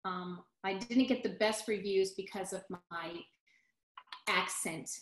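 A woman in casual interview chat, recounting her stage career with lively restarts. Her voice sits in a middle pitch. The room adds a noticeable echo. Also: a little slow. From United States. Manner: animated storyteller, acts out quotes, restarts often. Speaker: guest, musical theater actress.

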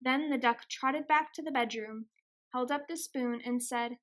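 Woman, storybook read-aloud, gentle, expressive, high-pitched. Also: unhurried. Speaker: extension outreach reader.

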